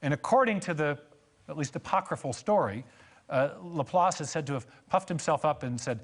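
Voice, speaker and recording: A man's voice: a little high, expressive, moderate pace. A man giving a church lecture on science and faith, telling stories with emphatic repetition and joking asides.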